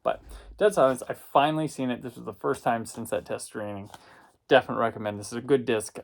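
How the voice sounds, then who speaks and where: A man who reviews home video discs tells a rambling, casual anecdote, often correcting himself along the way. His voice is mid-range and gravelly, and he talks fast.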